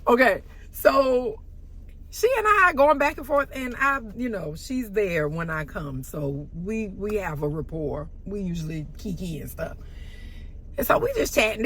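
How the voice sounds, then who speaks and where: A woman telling a story in a casual vlog, sassy and animated, with sudden loud exclamations and soft asides. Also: mid-range voice, unhurried.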